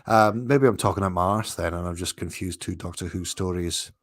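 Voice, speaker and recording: Male co-host, lower pitch, dry sound, analytical and musing. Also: no echo. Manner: musing, analytical, with thinking pauses. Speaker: podcast co-host. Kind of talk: casual chat.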